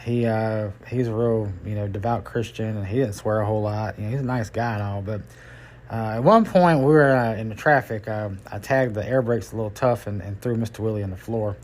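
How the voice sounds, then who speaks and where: A man's voice: fairly low pitch, a little fast, a little mellow. A middle-aged man hosting a podcast, telling his work stories in a casual, folksy, rambling way. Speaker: podcast host and tow truck driver. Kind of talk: casual storytelling.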